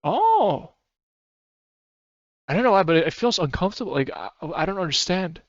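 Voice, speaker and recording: A man's voice: high-pitched, very animated, moderate pace, no room sound. A man streaming, chatting casually and rambling with frequent swearing and laughter. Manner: rambling and profane, laughs often. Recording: slightly muffled dry mic.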